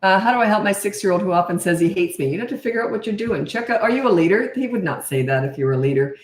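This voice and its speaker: A middle-aged woman coaching parents in a relaxed live Q&A, frank and chatty and quick to laugh at herself. Her voice sits at a medium pitch and bounces around a roomy, echoey space. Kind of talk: casual live Q&A chat.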